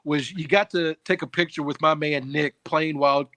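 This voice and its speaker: A man's voice: a little high, fairly even intonation, moderate pace, a bit bright, no echo. A middle-aged man co-hosting a casual sports chat, earnest, often restarting his sentences. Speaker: sports show co-host.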